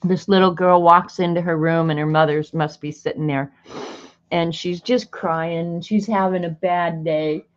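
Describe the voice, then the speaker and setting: Low-pitched woman, art livestream host, chatty and wry, greets viewers, slightly dull lo-fi audio. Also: steady tone, a little slow. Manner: chatty, greets viewers by name, reads snarky sayings aloud. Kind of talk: casual livestream chat.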